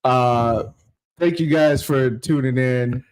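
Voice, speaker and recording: A man's voice: medium pitch, slow pace, a little mellow, clear, resonant tone. Frank, affirming man co-host. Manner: affirming, backs up his partner, frank and joking. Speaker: podcast co-host. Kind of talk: casual podcast chat.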